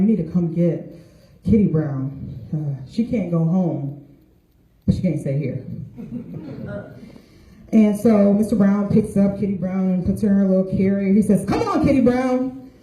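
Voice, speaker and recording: Woman telling stand-up stories, dark voice. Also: medium pitch, highs cut off. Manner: storytelling with voiced quotes of others. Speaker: stand-up comedian. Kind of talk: stand-up comedy set. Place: stage with audience laughter. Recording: echoey room.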